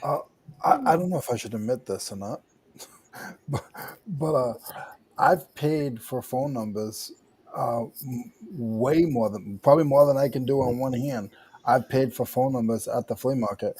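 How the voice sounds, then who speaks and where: Husky, mellow man, hesitant and confessional. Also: mid-range voice, measured pace, poor audio. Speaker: reseller on a panel. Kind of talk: casual chat. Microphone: video call.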